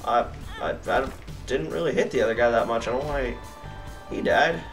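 A young man giving let's play commentary, cursing at enemies and getting excitable. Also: mid-range voice, normal speed, creaky. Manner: profane, excitable, yells at enemies. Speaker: gamer. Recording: distant mic with game music behind.

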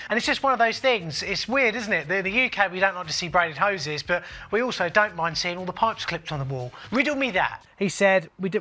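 A man's voice: high-pitched, a bit bright, dry recording. A man hosting his plumbing channel, casually reading out viewer comments and joking with viewers he calls mate.

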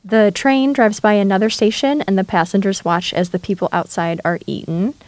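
A woman co-hosting a podcast about horror films, chatting casually and briskly summarizing the story. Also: medium pitch, fairly even intonation, darkish tone, no room sound. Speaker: podcast co-host. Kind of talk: casual chat.

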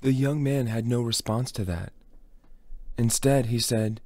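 A man reading a novel aloud as a steady, dramatic storybook narration. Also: medium pitch, measured pace, no echo. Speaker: audiobook reader.

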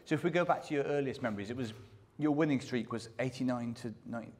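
A man's voice: mid-range voice, quick pace. A male comedian hosting a live podcast, asking questions and teasing his guest with dry jokes. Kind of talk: live podcast chat on stage. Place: large arena in front of an audience. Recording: live arena with long reverb and faint crowd noise.

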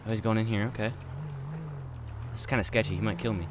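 A man playing a corrupt cop in online game roleplay, barking orders, mocking, quiet aside commentary in between. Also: on the low side, steady tone, fast, noisy background. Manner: bossy, barking commands, mocking. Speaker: roleplay player as a police officer.

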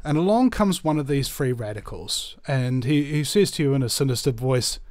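A man's voice: mid-range voice, lively intonation, moderate pace, few pauses, darkish tone, no room sound, clean studio sound. A man chatting on a talk show, rambling through ideas with fillers and restarts and telling stories with animation. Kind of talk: casual chat, storytelling.

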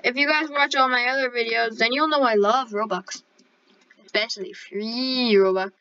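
A playful woman hosting a casual gaming video, joking and plugging her channel. Her voice is high and bright. The recording is dull and lo-fi. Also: fairly even intonation, normal speed, slight background noise. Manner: playful, joking, self-promoting. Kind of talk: casual gameplay chat.

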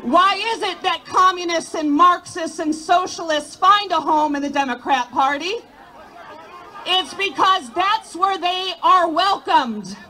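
A woman giving a shouted rally speech outdoors, leading the crowd in chants. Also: very high-pitched, measured pace, a little hiss or hum. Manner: chanting, call-and-response with crowd. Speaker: rally speaker.

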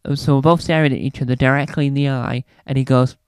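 A British man doing stand-up, telling a rambling story and acting out scenes with sudden loud, high squeals. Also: steady tone, fast, clean tone, no echo. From Britain. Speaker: stand-up comedian.

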